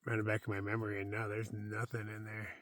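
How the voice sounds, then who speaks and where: Slight background noise surrounds this man's lowish, monotone, fast and somewhat bright voice as he vlogs from his hammock camp outdoors. A solo thru-hiker, he rambles in a self-deprecating way and frequently fades into mumbling.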